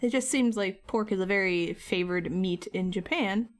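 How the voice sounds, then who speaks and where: A woman's voice: mid-range voice, moderate pace. A woman chatting loosely and rambling between topics while she crafts on a live stream. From United States. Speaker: art streamer.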